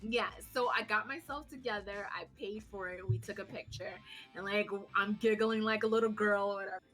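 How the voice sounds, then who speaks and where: Female podcast co-host, bright and high-pitched, animated, swears and laughs at herself, faint music underneath. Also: brisk. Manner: animated, swearing, self-mocking storyteller. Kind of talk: casual storytelling chat.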